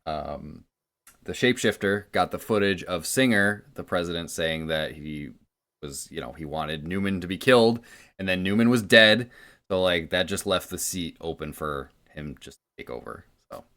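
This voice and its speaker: Co-host, very deep male voice, loose rambling recaps. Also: expressive, normal speed, fairly bright tone. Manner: rambling, filler-heavy recaps. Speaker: podcast co-host. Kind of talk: casual podcast chat.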